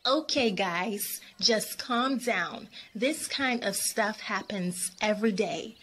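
A woman's voice: mid-range voice, slow pace, a bit bright, slight background noise. Niagara, a kind odd little female mosquito, voiced by a woman. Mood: pleading.

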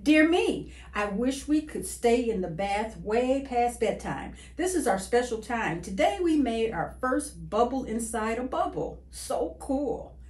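A woman reading a children's picture book aloud in an expressive, sing-song way. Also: fairly high pitch, a little slow, hardly any pauses. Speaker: children's story reader. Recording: echoey room.

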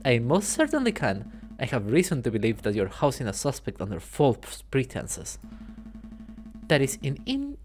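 A man voicing a stern male falcon defense attorney, talking briskly and forcefully. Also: medium pitch, wildly swooping pitch, faint music behind.

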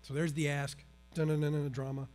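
Pastor type, man with a slightly high voice, preaching with loud, then hushed delivery. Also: a little fast. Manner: animated, swings from loud emphasis to hushed earnestness. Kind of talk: sermon.

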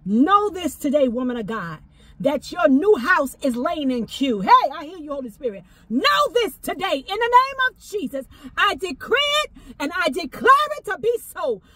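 A woman giving a fervent prophetic exhortation, repeating phrases and breaking into shouts of praise. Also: very high voice, very animated, moderate pace, hardly any pauses, no room sound. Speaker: prophetic minister.

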